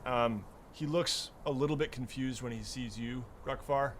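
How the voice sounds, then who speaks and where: A man running a tabletop game as game master, unhurried and hesitant with many fillers. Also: medium pitch, a little hiss or hum.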